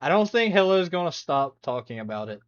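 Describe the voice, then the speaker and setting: A man's voice: on the high side, very animated, brisk, lo-fi sound. A man chatting casually on a live stream while reacting to videos, rambling, laughing and humming along.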